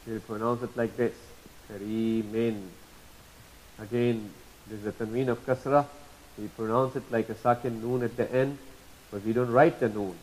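A man gives a patient, step-by-step lesson, saying each example slowly more than once and checking that listeners follow. His voice sits at an ordinary middle pitch. A faint hiss runs under the recording. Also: steady tone, a little mellow, rough recording. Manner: patient, repeats terms slowly, asks checking questions. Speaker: teacher. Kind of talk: explanatory lesson.

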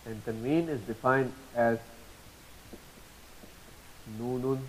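Patient man teaching, soft hiss. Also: medium pitch, low-quality recording. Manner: patient, repeats terms slowly, asks checking questions. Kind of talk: explanatory lesson.

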